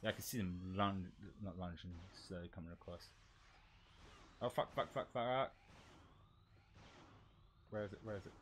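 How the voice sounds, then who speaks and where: A man streaming a shooter game, talking through his play in casual commentary and swearing excitedly at the enemies. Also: low voice, normal speed, pauses often, a little hiss or hum. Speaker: VTuber streamer. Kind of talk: live gameplay commentary.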